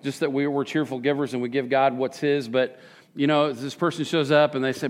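A middle-aged male pastor giving a conversational sermon with joking, self-deprecating asides and animated quoted voices. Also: medium pitch, a little fast.

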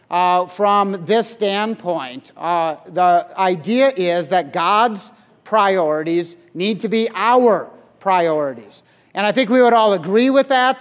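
A high-voiced man delivers an earnest evening sermon, explaining each point patiently and filling pauses with uh and um. His voice carries through a large hall with a long, lingering reverb. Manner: earnest and explanatory, frequent uh and um fillers. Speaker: preacher.

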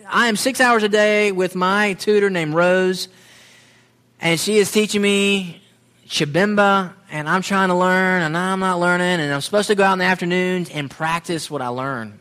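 Alabama man telling a faith story. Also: high voice. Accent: Southern American (Alabama). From Southern Alabama. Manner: storytelling, animated, drops to quiet reflection. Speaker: speaker giving a testimony. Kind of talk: sermon-style personal testimony.

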